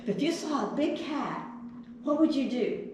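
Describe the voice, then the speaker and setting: Woman puppeteer, gentle, coaxing, children's puppet show, lively pitch, distant in echoey chapel. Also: moderate pace, slight background noise.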